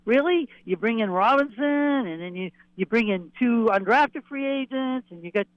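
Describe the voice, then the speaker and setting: Male caller, excitable and jokey, high voice, muffled phone audio. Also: moderate pace, clean tone, no room sound. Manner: excited, joking. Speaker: regular caller. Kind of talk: phone-in chat.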